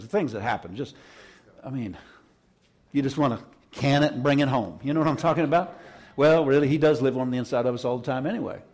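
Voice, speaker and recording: A man's voice: medium pitch, darkish tone, slightly rough. A man preaching a Pentecostal sermon in a church service, fervent and emphatic, repeating his key phrases for weight. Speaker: pastor.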